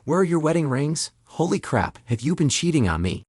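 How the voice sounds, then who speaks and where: A man's voice: a little high, very animated, a little fast, a little mellow, husky, no room sound, voice pushed up. A man voicing a betrayed husband who interrogates his wife with cold sarcasm. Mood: mocking. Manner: sarcastic, demanding. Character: coldly mocking betrayed husband.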